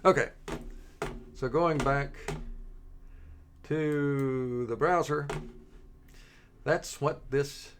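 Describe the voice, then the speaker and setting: A man presenting a coding tutorial in a relaxed, halting way, with frequent pauses and restarts as he works through the demo. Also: mid-range voice, slight background noise. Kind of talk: screen-recorded coding tutorial.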